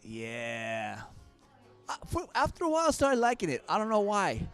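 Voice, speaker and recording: A man's voice: sits high, huge pitch swings, moderate pace, gravelly, a bit bright, soft background music. A man co-hosting a bar podcast, telling stories in a rambling, stumbling way. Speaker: podcast co-host. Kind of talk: casual bar podcast chat.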